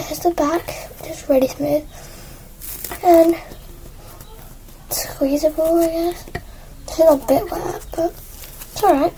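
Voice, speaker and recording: Young woman, high voice, rambling craft vlog, self-mocking, slips into whispers, faint background noise. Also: warm tone, rough recording. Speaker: crafting vlogger. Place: indoors at a desk. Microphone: iPad propped on a stool.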